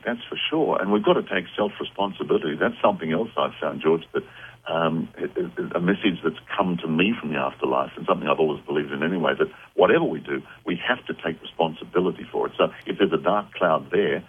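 A man's voice: low voice, a little fast, husky. A man speaking as a psychic guest on a call-in radio show, earnest and reassuring as he explains. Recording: tinny phone line.

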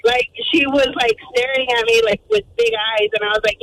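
Fast, animated woman caller on a phone line. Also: sits high. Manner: animated, quotes people in voices. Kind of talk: phone-in storytelling. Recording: phone line with faint noise.

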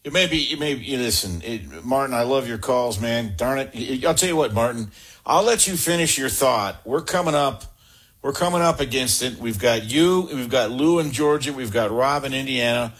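A man hosting a sports call-in radio show, affable and quick to react. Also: medium pitch, lively intonation, fairly bright tone, slightly rough. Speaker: sports talk radio host.

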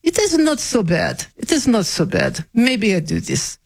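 A woman doing a playful, slow put-on Russian accent. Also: medium pitch, very animated, vocal fry, slightly rough, exaggerated voice.

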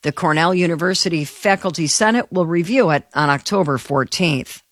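Higher-voiced male radio newscaster, dry. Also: a bit bright, dry recording. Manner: measured, formal. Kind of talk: radio news read.

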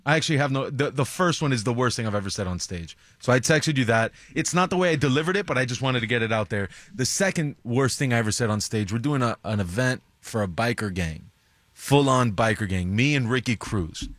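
A man, a stand-up comedian, telling a story in casual chat on a podcast, jumping into high voices to quote people. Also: expressive, fairly quick, a bit bright, dry recording, clean studio sound. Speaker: comedian guest.

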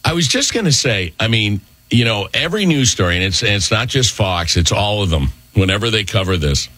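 A male radio host in casual morning banter, joking freely. His pitch swings widely as he talks. The sound is close and dry. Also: very animated, a little fast, sharp tone, dry recording.

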